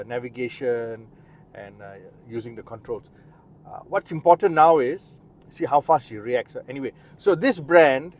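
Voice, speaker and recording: A man giving a chatty, explanatory car review, talking straight to the viewer beside and inside the car. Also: mid-range voice. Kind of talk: casual car review walkaround.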